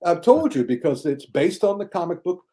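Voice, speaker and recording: A man talking casually as a guest critic on a podcast, enthusiastic, and mocking critics in a high whiny voice. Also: big pitch swings, normal speed, dark tone.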